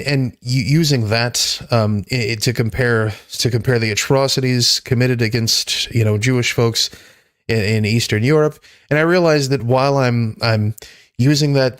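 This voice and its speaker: A man hosting a livestream, chatting about politics in a rambling, halting way with many restarts. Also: mid-range voice, clean tone, no room sound, studio quality. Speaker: livestream host. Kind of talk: casual political chat.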